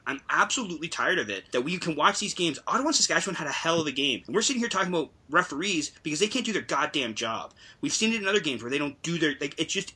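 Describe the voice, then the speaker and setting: A man's voice: a little high, sharp tone, slightly rough. A man co-hosting a sports podcast, talking casually and ranting about referees, swearing and tripping over his words when worked up.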